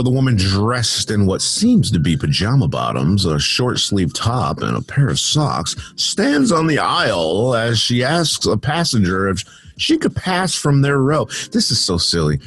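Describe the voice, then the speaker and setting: A man's voice: fairly low pitch, breathy edge. A man hosting a casual news show from his home studio, reading odd stories and breaking off into sarcastic, rambling asides. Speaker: podcast host reading news.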